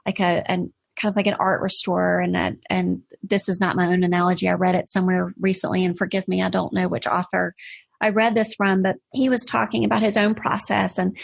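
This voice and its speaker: A woman's voice: fairly low pitch, gravelly, breathy edge. A woman in her forties, a podcast guest, talking in an earnest, reflective way in a casual interview conversation. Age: 40s.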